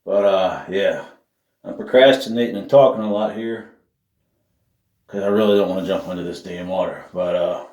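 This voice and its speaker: A man's voice: lowish voice, a little mellow, recorded from a distance, muffled recording. A man, talking casually to camera in a profane, joking vlog, whooping as he goes. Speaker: vlogger. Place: outdoor shower. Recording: echoey, from off the mic, with running water.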